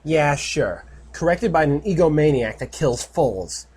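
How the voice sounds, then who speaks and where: A man's voice: fairly high pitch, expressive, unhurried, a little mellow, breathy edge, heavily acted. Man doing a sarcastic, snickering creepy creature. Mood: annoyed. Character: smug sinister pony creature, female, mocking. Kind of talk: fan audiobook character voice.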